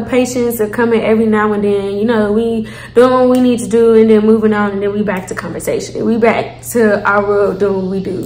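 Slangy chatty woman doing a storytime, kinda high voice, echoey room. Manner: chatty, slangy, animated, frequent fillers. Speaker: storyteller, channel host. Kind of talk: casual storytime vlog.

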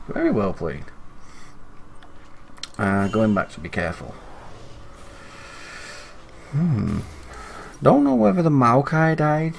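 A young man chatting casually as he commentates his own online game, self-critical and excitable at times. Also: on the low side, slow, creaky, pauses often, slight background noise. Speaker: gaming commentator.

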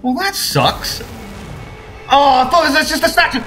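A young man streaming a horror game live, excitably swearing and yelling at his teammates. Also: very high-pitched, normal speed, faint music behind. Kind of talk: live gameplay commentary.

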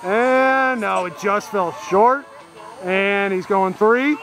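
A man vlogging from an outdoor softball game, excitedly calling plays, laughing and yelling. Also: high voice, slow. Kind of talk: excited play-by-play vlog chat.

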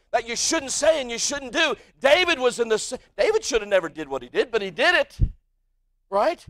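A male pastor with an American accent preaching a sermon in a church, swinging from quiet asides to shouted peaks. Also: very high-pitched, dry recording. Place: church sanctuary.

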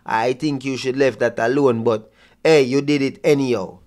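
A man's voice: medium pitch, fairly even intonation, moderate pace, a little mellow. A man with a Jamaican accent, giving casual reaction commentary in an exasperated, mocking way. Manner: exasperated, mocking, patois-heavy. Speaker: vlogger reacting to clips.

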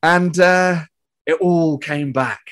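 This British comedian speaks a little high and at a slow pace. As a guest in a casual chat, he spins a lively anecdote, performing the quoted lines and cursing freely.

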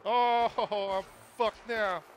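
A man's voice: high-pitched, fairly even intonation, drawn-out words, slight background noise. A man doing reactive commentary over a game he is playing, swearing often and taunting enemies on screen. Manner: swears a lot, curses at enemies; talks to the game characters. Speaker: gaming commentator. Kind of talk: reactive let's-play commentary. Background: game music and gunfire.

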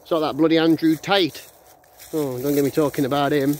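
This vlogger's fairly high voice stays steady in tone and runs a little fast. He records himself on a handheld phone during a countryside dog walk, ranting casually and bluntly with rambling restarts and laughs.

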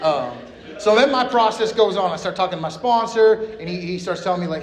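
A man's voice: sits high, lively intonation, a little fast. A man giving a personal share at a recovery meeting, blunt and profane, full of street slang. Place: meeting room. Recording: echoey meeting room.

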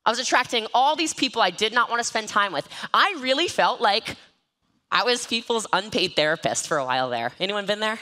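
Bright, energetic woman speaking on stage. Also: mid-range voice, brisk. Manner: energetic, joking, self-mocking. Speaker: network marketing trainer. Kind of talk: motivational stage talk. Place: event stage with live and online audience.

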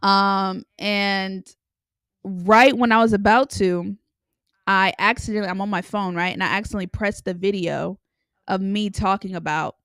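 A woman's voice: medium pitch, fairly even intonation, normal speed, a bit bright, clear, resonant tone, dry recording, studio quality. A young woman telling a personal story in a candid, chatty way, full of likes and ums, as a podcast host. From Los Angeles area. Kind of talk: casual storytelling monologue.

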